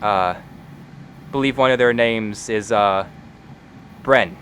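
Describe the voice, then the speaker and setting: A man's voice: lowish voice, takes it slowly, fairly bright tone, a little hiss or hum. A man voicing a wary farm woman who keeps to herself and speaks in a terse, guarded way.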